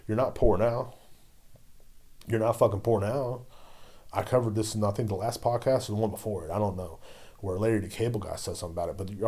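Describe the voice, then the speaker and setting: Low-voiced swearing podcast ranter. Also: male voice, dark tone. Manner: loose, swearing constantly, drinking beer while talking. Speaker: podcast host. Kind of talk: profane solo podcast rant.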